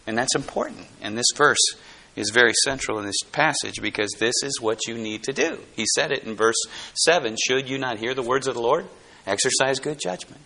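A middle-aged male pastor delivers a sermon with a bright, forward tone. He keeps it conversational and folksy, throwing questions to the room and breaking into easy laughs. His pitch sits right in the middle for a man. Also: fairly quick, gravelly.

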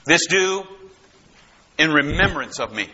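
A man preaching an expository sermon, emphatic and animated, repeating key phrases. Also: fairly high pitch, measured pace. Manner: animated, emphatic repetition with rising bursts. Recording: dull lo-fi recording.

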